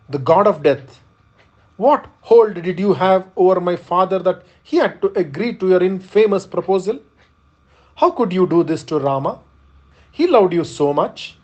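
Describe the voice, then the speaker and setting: A man reading aloud as a young prince, grief-stricken and furious, speaking in bitter, accusing reproach. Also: sits high. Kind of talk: read-aloud epic narration.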